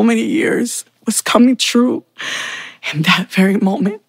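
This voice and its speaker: Slow, gravelly woman giving testimony. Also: medium pitch, no echo. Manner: heartfelt, slow storytelling with pauses. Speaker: speaker sharing testimony. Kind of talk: personal faith testimony.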